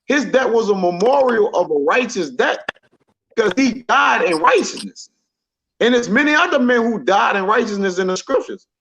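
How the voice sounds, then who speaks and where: A man teaching from scripture, reading verses slowly and then explaining them in casual slang. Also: sits high, animated, vocal fry, a bit bright, poor audio. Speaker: preacher.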